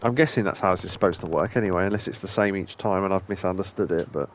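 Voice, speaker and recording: A man's voice: sits low, fast talker, a little hiss or hum. A man chatting casually while playing a game, musing aloud and laughing often. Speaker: let's play streamer. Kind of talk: casual gameplay commentary.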